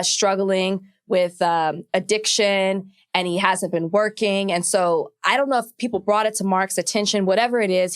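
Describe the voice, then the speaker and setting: Teasing woman podcast co-host. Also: on the low side. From Dallas, Texas. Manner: teasing, laughs often. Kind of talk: casual chat.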